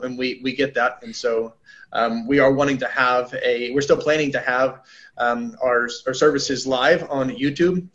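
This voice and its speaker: A man speaking as a pastor in a casual church discussion, earnest and halting with many restarts. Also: medium pitch, a bit bright, highs cut off.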